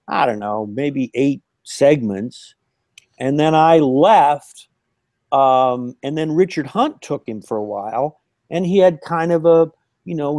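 Older man telling lively stories. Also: fairly high pitch, dry recording. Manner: animated anecdotal storytelling with laughs. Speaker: puppeteer guest. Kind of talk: casual interview storytelling. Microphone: remote call line.

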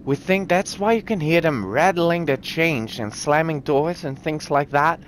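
A man's voice: a little high, measured pace, a little hiss or hum, lightly acted. A man reading a child's diary notes aloud from a horror game, putting on an innocent, childlike voice.

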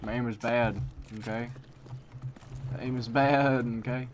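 He's a young man commentating on gameplay live, reacting, muttering and repeating phrases as he goes. His medium-pitched voice stays steady at a measured pace. Gunfire and explosions from the game are loud behind him, with slight background noise.

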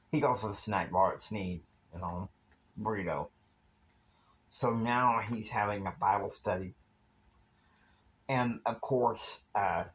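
A man's voice: lowish voice, low-quality recording. A man telling a rambling, casual story that meanders from one scene to the next, with fillers along the way. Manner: meandering, with fillers and time stamps.

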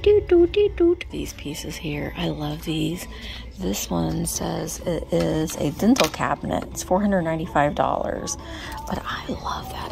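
A woman's voice: low voice, creaky. A woman vlogging a thrift hunt in an antique mall, chatting casually, talking to the items and slipping into whispered asides. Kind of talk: casual thrift-shopping chat. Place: indoor antique mall with booths. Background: faint store music.

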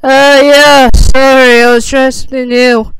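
Self-sacrificing teen boy wizard, read by a woman; slow, level storybook delivery. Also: sits high, smooth, no room sound, rough recording. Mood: sheepish. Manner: slow, even reading.

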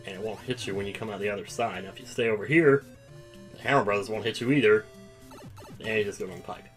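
A man giving casual, excitable commentary while playing a video game, breaking into loud outbursts. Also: lowish voice, quick pace, soft background music. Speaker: let's play gamer.

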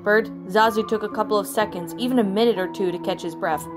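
A woman reading her own fan fiction story aloud as narrator, in a plain, even read-aloud manner with small slips. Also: medium pitch, fast talker. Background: soft background music.

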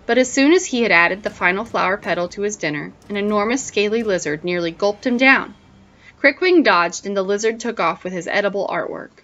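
A woman teacher reads a picture book aloud to children with expressive storytelling and stops now and then to ask them questions. Her voice sits at a middling pitch. The recording is dull and lo-fi. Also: a little fast.

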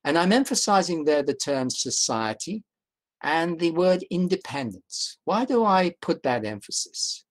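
A man giving an online academic talk as a guest professor, measured and emphatic, posing rhetorical questions to his audience over a video call. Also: on the high side, big pitch swings. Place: indoors at home during rain.

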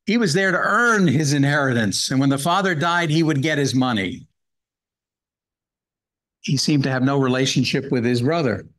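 Earnest male preacher, fairly high voice. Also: fairly bright tone, poor audio. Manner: earnest, reads and explains scripture verse by verse. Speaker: guest speaker at a Bible hour. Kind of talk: sermon.

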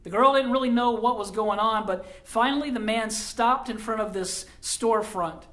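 A middle-aged man, a pastor, telling a story in a sermon, dramatic and dropping quiet for quoted lines. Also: high-pitched, moderate pace.

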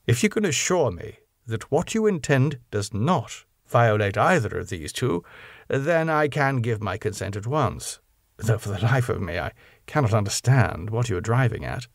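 A man voicing a proud young English lord who speaks earnestly and formally and is quick to take offence. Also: mid-range voice, big pitch swings, creaky, no echo, studio quality. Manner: earnest and formal, rising to indignation.

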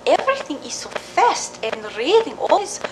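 Actress doing a Czech immigrant mom, middle-aged, halting broken English, crackly old-film hiss. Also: female voice, extremely high pitch, sing-song, reverberant. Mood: earnest. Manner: halting broken English with many fillers and laughs. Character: Czech immigrant mother, tender, humble, emotional. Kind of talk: mock documentary interview acting. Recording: scratchy old film recording.

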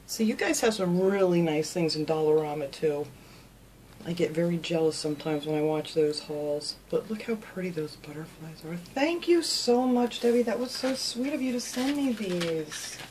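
A woman hosting a craft channel, chatting casually and warmly thanking viewers by name as she opens mail at home. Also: lowish voice, normal speed, slight background noise. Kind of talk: casual chat, opening mail.

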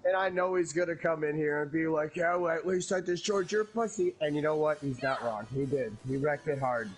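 A man's voice: on the high side, steady tone, brisk, a little hiss or hum. A man chatting with friends while playing an online game, telling a funny story, laughing and acting out what his friends said. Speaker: gamer. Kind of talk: casual chat while gaming.

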